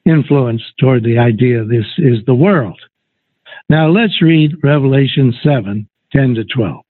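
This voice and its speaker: Man, Bible study teacher, slow and deliberate, slightly high husky voice, dry tinny phone recording. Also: no echo. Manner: slow, deliberate, reads scripture aloud.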